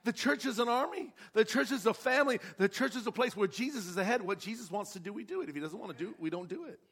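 A man's voice: sits high, expressive, fast, fairly bright tone. A man preaching a sermon with passion, asking his congregation rhetorical questions. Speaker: pastor.

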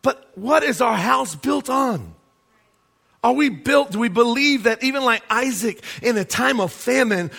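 A man's voice: very high voice, expressive, unhurried, vocal fry, bright, forceful tone. A man preaching a sermon as pastor, emphatic and asking the congregation rhetorical questions.

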